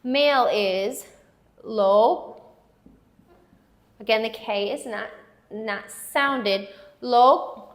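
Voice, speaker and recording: Woman teaching slowly with careful repetition. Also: on the high side, a bit bright. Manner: slow, careful repetition of words; writes on a board while explaining. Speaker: language teacher. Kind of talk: language lesson.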